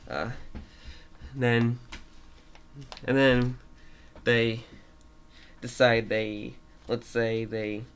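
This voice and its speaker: A young man retelling a made-up story off the cuff, halting and giggly, with many restarts. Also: mid-range voice, level tone, slight background noise.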